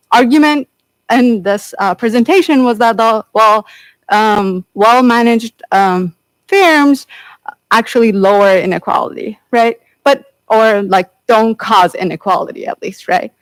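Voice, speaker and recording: A woman in the audience asking the speaker a long question, pausing often with fillers. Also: fairly high pitch, dry recording, poor audio. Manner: hesitant, with many fillers. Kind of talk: question from the floor.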